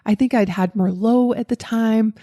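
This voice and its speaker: A woman's voice: a little high, moderate pace, mellow. A woman with a Southern US accent hosting a podcast, telling a personal story in a candid, self-deprecating way and laughing at herself. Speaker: podcast host.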